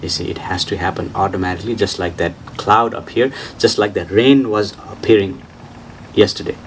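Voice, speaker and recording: A man giving an informal spiritual talk and answering questions, repeating his points insistently in slightly broken English and laughing softly. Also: lowish voice, fairly even intonation, brisk, distant mic, a little hiss or hum, rough recording. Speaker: spiritual teacher.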